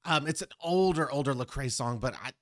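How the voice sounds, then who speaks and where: A man's voice: medium pitch, a little fast, a bit bright, no echo, clean studio sound. A man hosting a music reaction video, talking reflectively and directly to his viewers. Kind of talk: casual reaction commentary.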